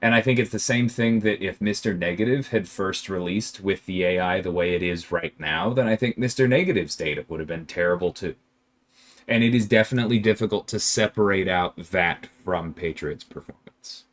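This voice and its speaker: This man's voice is deep and his pace fairly quick. He's playing a game on stream and fielding viewer questions in a relaxed chat, reading each one out before replying, and his answers swing into lively, exasperated rants punctuated by laughter.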